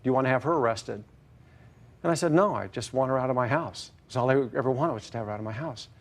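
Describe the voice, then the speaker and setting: A middle-aged man telling his story in court, halting and full of fillers. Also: mid-range voice. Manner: hesitant, halting, many fillers. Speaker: plaintiff. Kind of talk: testimony in court.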